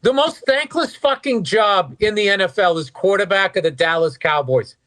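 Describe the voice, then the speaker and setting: A man's voice: sits high, normal speed, fairly bright tone. A man co-hosting a podcast in casual sports chat, ranting with sarcastic, profane asides. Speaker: podcast co-host.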